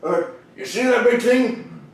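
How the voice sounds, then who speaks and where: Folksy alien general, voiced by a man with a Texan-tinged Sean Connery drawl, bright-pitched, distant and roomy. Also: animated, measured pace, full character voice. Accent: Texan-tinged Sean Connery impression. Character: jovial bored male alien general, hunter leader. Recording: echoey room, mic far off.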